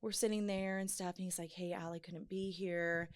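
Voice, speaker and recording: A woman sharing a personal faith testimony on a podcast, earnest and animated, with many fillers. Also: fairly low pitch, normal speed. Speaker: podcast guest. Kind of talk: personal testimony in casual chat.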